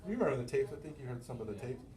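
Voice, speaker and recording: Man, middle-aged, sales manager, lively storytelling, laughing, roomy sound. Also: mid-range voice, racing, heavy background noise. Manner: animated storytelling, acting out quotes; loose, profane, laughing often. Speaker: sales manager and business owner. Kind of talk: motivational team meeting talk. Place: meeting room. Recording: roomy, from far off the mic.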